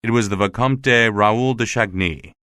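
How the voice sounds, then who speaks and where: A man narrating a graded-reader classic with clear, measured reading. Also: on the low side.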